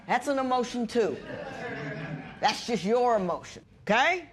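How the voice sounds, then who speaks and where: A middle-aged woman judge on a courtroom show, firmly lecturing and advising the couple, moving between stern and gentle. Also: mid-range voice, lively intonation, a little fast. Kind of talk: courtroom ruling and advice.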